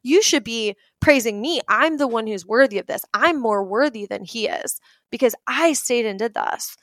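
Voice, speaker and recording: A woman's voice: a little high, moderate pace, fairly bright tone, no echo. Bitter older son read by a woman, indignant, in a dry close voice. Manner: indignant, complaining. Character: resentful hardworking older son.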